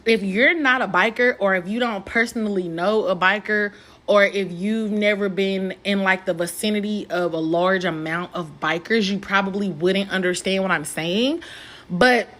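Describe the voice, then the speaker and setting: Animated, profane woman telling a story. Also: medium pitch, normal speed. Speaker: podcast host. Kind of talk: casual storytelling.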